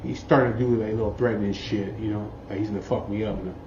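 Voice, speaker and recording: A man's voice: on the low side, steady tone, fast. A man telling a story from his biker life in a rambling, profane way, forever checking in with his listener. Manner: rambling, profane, keeps saying "you know what I mean". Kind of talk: casual storytelling. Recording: muffled, roomy, faint background noise.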